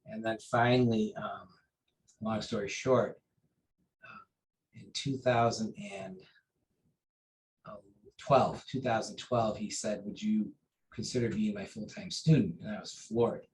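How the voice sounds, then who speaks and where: Soft-spoken man telling a personal story. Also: lowish voice, steady tone, poor audio. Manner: earnest, halting, with many fillers and restarts. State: briefly choked up. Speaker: interview guest, taekwondo master. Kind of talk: conversational storytelling.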